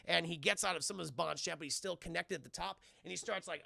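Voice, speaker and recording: Gravelly, bright-voiced streamer recapping a movie. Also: male voice, sits high, quick pace, hardly any pauses, dry recording, studio quality. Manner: animated, profane, acts out the scenes.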